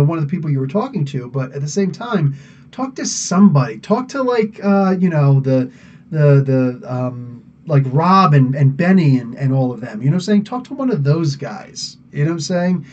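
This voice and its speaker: A man hosting a casual live podcast, answering chat in an excitable, rambling way with many fillers and restarts. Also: on the high side, husky, recorded from a distance, highs cut off.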